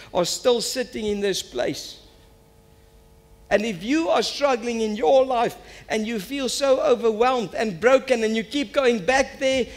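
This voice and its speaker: A man, a pastor preaching a sermon and telling a story that builds to emphatic appeals. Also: very high voice.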